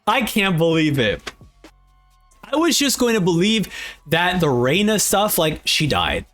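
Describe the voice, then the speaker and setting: A young man reacting to a manga as he reads it aloud, excitable and exclaiming often. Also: high voice, measured pace, faint music behind.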